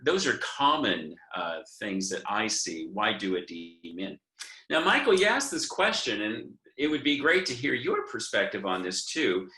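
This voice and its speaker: A man's voice: on the low side, bright, forceful tone, echoey room. A man, a practical theology professor, explaining in an earnest teaching manner with frequent restarts. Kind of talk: webinar talk.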